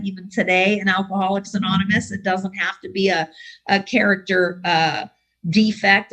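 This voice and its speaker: A woman's voice: medium pitch, fairly bright tone, poor audio. Wry middle-aged woman telling her recovery story. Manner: wry, self-deprecating humor. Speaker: AA speaker. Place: home, online meeting. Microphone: video call.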